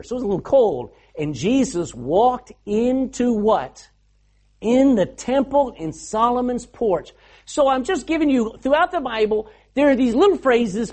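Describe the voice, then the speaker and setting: A preacher giving a sermon in a church gathering, telling Bible stories in a casual, animated way and tossing rhetorical questions to the congregation. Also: mid-range voice.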